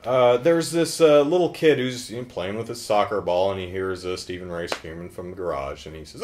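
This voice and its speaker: A man's voice: low voice, brisk, few pauses, a little mellow. A man casually recapping a horror film in a joking, sarcastic way. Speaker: film reviewer.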